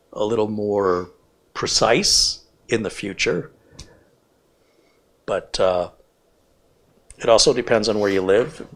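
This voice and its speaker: A man's voice: fairly low pitch, a bit bright. A man hosting a hands-on computer build tutorial, explaining each step plainly and giving firm opinions. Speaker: computer technician host.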